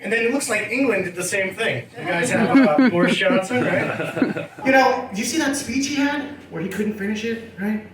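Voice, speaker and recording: An American man performing a stand-up comedy set, animated and joking, laughing at his own lines. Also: sits high, normal speed, over a noisy crowd. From United States. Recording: echoey club room, distant mic, noisy.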